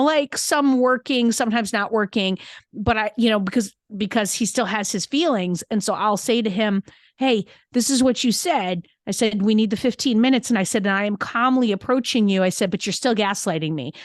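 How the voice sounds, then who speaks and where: A middle-aged woman guesting on a podcast, telling a personal story with lively reenacted dialogue. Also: on the high side, moderate pace, dry recording, studio quality. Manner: animated, quotes herself and her son in dialogue. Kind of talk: candid conversational storytelling.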